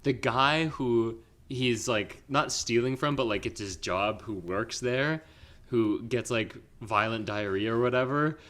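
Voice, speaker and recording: A young male podcast co-host in loose, casual film chat. His voice sits at an ordinary mid pitch, and he talks in a rambling, excited way that keeps stalling on fillers and restarting. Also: measured pace.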